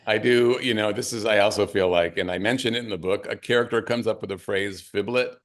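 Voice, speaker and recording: A middle-aged man, an author and caregiver, talking things through in a halting, reflective way during an interview. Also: on the low side, fairly even intonation. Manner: reflective, halting, many restarts. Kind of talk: conversational interview.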